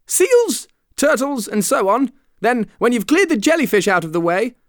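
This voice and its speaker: A reader voicing an excitable male Mock Turtle in a storybook, crying out in a very high voice. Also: takes it slowly, dry recording, studio quality. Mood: excited.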